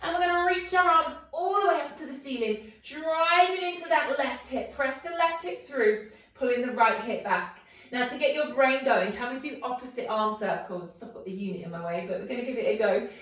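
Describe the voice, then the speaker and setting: Heard from afar in a strongly echoing room, a woman instructs a guided yoga class, encouraging and playful with coaxing questions. Her voice is high, a bit bright, and a little fast.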